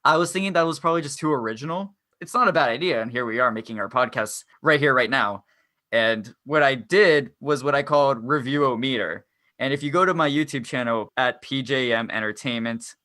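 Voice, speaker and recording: A man's voice: medium pitch, pushed and bright, no echo, studio quality. A man in his twenties hosting a casual podcast, joking at his own expense and rambling through explanations. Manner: jokey, self-deprecating, rambling. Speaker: podcast host.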